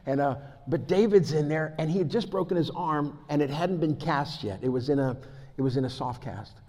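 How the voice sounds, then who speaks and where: A man preaching a sermon as pastor, telling stories that build from quiet to loud and excited, laughing along the way. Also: on the high side, moderate pace. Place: church hall. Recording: long hall reverb.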